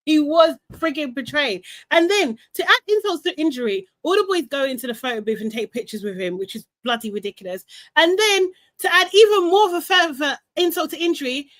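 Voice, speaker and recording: This is a young woman doing a casual live recap, with a voice that sits a bit on the high side. She talks fast and opinionated, breaks into laughs and plays other people's lines back, and the recording is dry and close. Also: dry recording. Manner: animated and opinionated, mimics people in quotes, laughs often. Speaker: host recapping a reality show.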